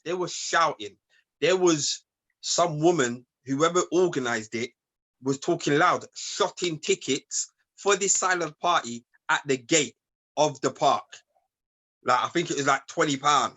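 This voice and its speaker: A man tells a long story on a casual podcast, repeating himself to build it up. His voice is bright and pushed forward, pitched a little high. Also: unhurried. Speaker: podcast co-host. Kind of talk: casual chat.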